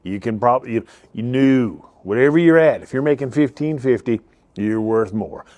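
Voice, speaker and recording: A man's voice: medium pitch, expressive, normal speed, a little mellow, dry recording. Car-lot owner doing his own off-the-cuff ad, cracks himself up, keeps losing the thread. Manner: rambling, laughs often, self-interrupting. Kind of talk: joking improvised commercial spiel.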